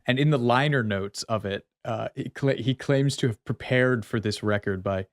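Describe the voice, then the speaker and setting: A man's voice: medium pitch, moderate pace, dry recording, studio quality. A man co-hosting a podcast, joking in easy, laid-back banter. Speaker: podcast co-host. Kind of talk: casual chat.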